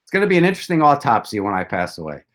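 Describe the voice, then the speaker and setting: A man's voice: mid-range voice, big pitch swings, racing, a bit bright. A man chatting about baseball, telling long rambling stories with self-deprecating jokes. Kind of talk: casual chat.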